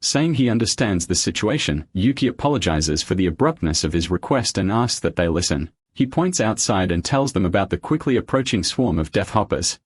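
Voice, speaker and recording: Husky low-voiced man narrating a recap. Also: brisk, hardly any pauses, dry recording. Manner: steady storytelling recap delivery. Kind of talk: scripted narration.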